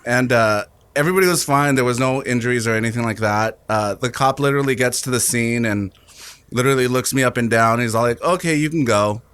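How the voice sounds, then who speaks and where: A man's voice: mid-range voice, quick pace, a bit bright, clean tone, no echo. Laid-back, hesitant man telling a story. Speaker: podcast co-host. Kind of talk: casual chat, storytelling.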